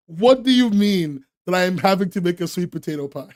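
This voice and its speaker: A man's voice: high-pitched, expressive, measured pace, long pauses. A young man streaming live, chatting to his viewers with frequent laughter and playful mock outrage. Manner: laughs often, mock outrage, talks to chat.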